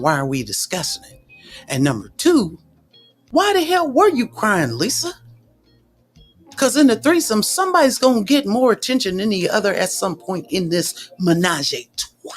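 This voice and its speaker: An animated woman with a lively, swooping voice, holding forth in sassy, indignant livestream commentary. She talks straight back to her viewers, with faint music playing underneath. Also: medium pitch.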